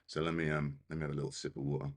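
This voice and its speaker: A man's voice: a bass voice, flat delivery, rapid-fire. A man hosting a live-streamed meditation session, a little out of breath and flustered, laughing at his own tech trouble. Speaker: meditation host. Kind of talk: live-streamed casual talk. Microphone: desk microphone on a live stream.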